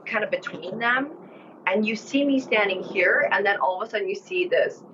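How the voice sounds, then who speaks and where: A woman, a guest actress, chatting in a casual interview and telling lively stories about her work, acting out what others said along the way. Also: mid-range voice, normal speed. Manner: animated storyteller who acts out what others said. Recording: dull lo-fi sound with steady background noise.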